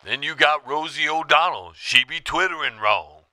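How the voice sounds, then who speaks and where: A man voicing a smug, insulting regular caller who delivers slow, deliberate put-downs. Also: a little high, animated, sharp tone. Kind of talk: comedy call-in sketch.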